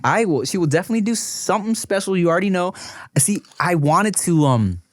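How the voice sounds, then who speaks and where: A man's voice: high voice, expressive, brisk, dry recording. A man in his thirties co-hosting a podcast, talking in a laid-back, slangy way and laughing often. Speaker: podcast co-host. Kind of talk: casual chat.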